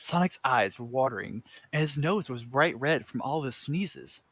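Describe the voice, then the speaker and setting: A man's voice: medium pitch, expressive, moderate pace, fairly bright tone, dry recording. Man narrating fanfiction with stumbles. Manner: dramatic narration with stumbles and self-corrections. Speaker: reader. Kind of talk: comedic fanfiction reading.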